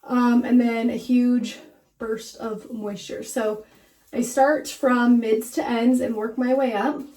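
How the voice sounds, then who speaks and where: A woman's voice: on the high side, little pitch movement, slow, mellow, distant mic, poor audio. A woman giving a casual hair-washing how-to in her shower, chatty and instructive with frequent fillers, a little out of breath. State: slightly out of breath. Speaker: hair care vlogger. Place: bathroom shower. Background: running water.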